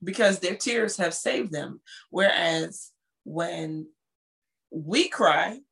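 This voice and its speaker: A woman co-hosting a casual podcast chat, blunt and profane and quick to react. Her voice has a gravelly, fry-heavy texture. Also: on the low side, fairly bright tone. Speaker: podcast co-host.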